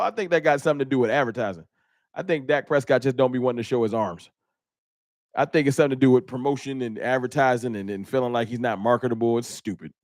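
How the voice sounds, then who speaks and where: A man's voice: mid-range voice, no echo, clean studio sound. A man hosting a fan live stream, chatting casually and animatedly, joking and laughing at his own bits.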